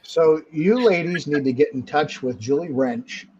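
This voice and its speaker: A man's voice: a little high, unhurried, warm tone, a little hiss or hum. Earnest man on slightly dull audio. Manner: earnest, candid, emphatic. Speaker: guest researcher. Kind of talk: casual interview talk.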